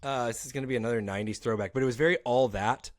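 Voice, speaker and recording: A man's voice: medium pitch, very fast, no room sound, clean studio sound. A man hosting a comedic movie review podcast, steering the talk with questions and wry asides. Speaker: podcast host.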